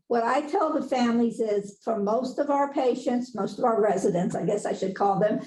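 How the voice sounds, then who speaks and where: A woman's voice: on the high side, a little fast, few pauses, a little mellow, echoey room, low-quality recording. A woman presenting a conversational webinar lecture as a nurse educator, in a chatty, folksy way, laughing at her own asides.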